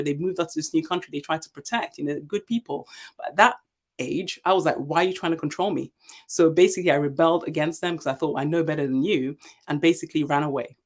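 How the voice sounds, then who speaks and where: Interview guest: a woman in her forties from Nigeria, leadership speaker, emphatic storyteller with a low voice. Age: 40s. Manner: emphatic, animated storytelling with many fillers.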